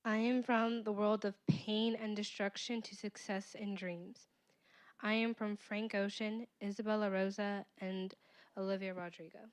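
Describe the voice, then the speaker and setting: A woman's voice: medium pitch, little pitch movement, a little slow. A seventh-grade girl reads her own poem carefully at a school board meeting. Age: teens. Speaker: middle school student. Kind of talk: poetry reading.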